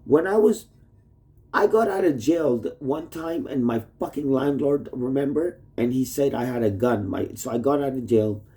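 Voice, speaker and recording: A man speaks into a phone set up in his cluttered room, talking to his wife in a long, wandering monologue. His voice is warm and dark, heavy with profanity, and he switches subjects constantly. His pitch sits at an ordinary middle level for a man. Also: lively intonation, moderate pace. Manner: heavy swearing, jumps between topics. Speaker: husband recording a video message to his wife. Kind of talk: rambling casual monologue. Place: at home in a messy rented room. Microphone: phone plugged in nearby.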